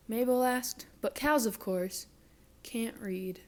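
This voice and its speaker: A woman reading a children's picture book aloud, with slow, careful storytelling. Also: on the high side. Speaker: storybook reader.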